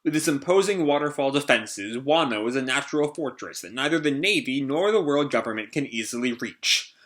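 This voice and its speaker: A man reading the lines of a huge, menacing male pirate emperor who makes booming proclamations, in a bright voice. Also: lively intonation, brisk, close to an everyday voice. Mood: proclaiming.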